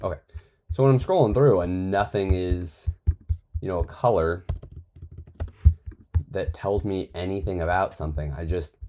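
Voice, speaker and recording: A man's voice: low voice, normal speed, long pauses, dark tone, a little hiss or hum. A man teaching a copywriting course in a casual, think-aloud way, often restarting his sentences. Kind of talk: casual screen-share tutorial.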